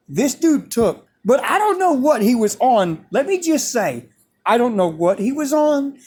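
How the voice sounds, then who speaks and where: A man's voice: extremely high pitch, unhurried, husky. A man telling a story in a casual, profane way, repeating phrases as he goes. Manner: animated, profane, repeats himself.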